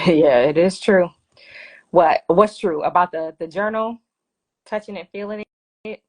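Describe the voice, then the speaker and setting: A woman's voice: fairly low pitch, a little slow. A woman hosting a casual live finance Q&A from her phone, chatty and laughing often. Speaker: finance livestream host.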